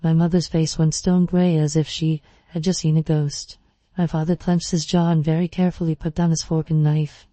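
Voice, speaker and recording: Flat, dark horror story narrator. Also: mid-range voice, normal speed, hardly any pauses, dry recording. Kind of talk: scripted first-person story narration.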